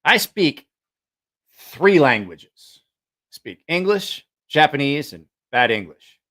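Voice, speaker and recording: A live streamer casually rambles through a story for his viewers, swearing freely, restarting often and laughing a lot. His voice is a little high and sharp, very animated, and he takes it slowly, captured on a sensitive mic with headphones.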